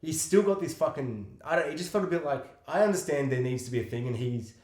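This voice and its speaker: A man's voice: a little high, lively intonation, fast talker, darkish tone. A man chatting casually as a podcast co-host, rambling and restarting his sentences as he goes. His voice rises and falls a lot, and he swears offhandedly. The recording has a noticeable roomy echo. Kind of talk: casual chat.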